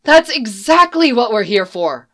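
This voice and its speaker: A woman's voice: on the high side, sing-song, measured pace, sharp tone, exaggerated voice. A woman voicing a firm team leader woman. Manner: firm, commanding. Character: firm dark-haired woman leader, calm and commanding.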